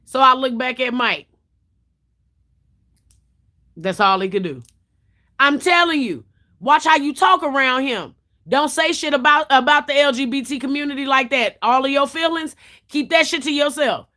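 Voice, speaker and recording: High, bright-voiced woman talking bluntly. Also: normal speed, pauses often. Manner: blunt, profane, storytelling. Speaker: livestream host. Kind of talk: casual chat on a livestream.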